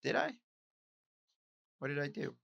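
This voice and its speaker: Reflecting alone on his week, this podcaster and amateur comic from Mexico muses aloud, candid and self-questioning. His voice is fairly high and fairly bright yet husky and creaky, sing-song and a touch slow. The recording is dry and the audio dull.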